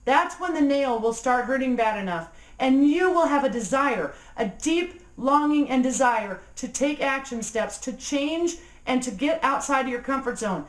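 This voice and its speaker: A woman in her forties giving an earnest motivational talk to camera, slowing down and dropping low on key phrases. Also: animated. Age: 40s. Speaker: motivational speaker. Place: room with a phone ringing nearby. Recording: echoey room.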